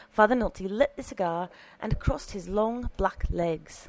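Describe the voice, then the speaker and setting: A woman narrating an audiobook story in an expressive, animated reading on a close microphone. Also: fairly low pitch, a little slow, creaky, hardly any pauses, poor audio.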